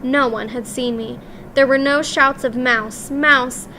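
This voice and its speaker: A woman narrating a children's story in the first person, in a lively, expressive way. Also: high voice, normal speed, a little hiss or hum. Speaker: audiobook reader.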